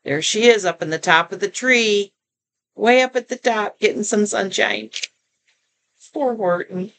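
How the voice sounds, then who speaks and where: An older woman reading a children's picture book aloud, expressive, often stopping to comment and to ask the listening child questions. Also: mid-range voice, measured pace, slight background noise. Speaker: storyteller.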